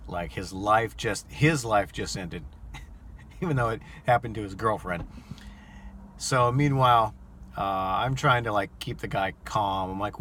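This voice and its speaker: A man with a fairly low voice and a bright, forceful tone tells a story in a loose, rambling vlog style. He stumbles and repeats words and fills pauses with ums and uhs. A faint hum sits behind him. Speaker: rideshare driver and vlogger.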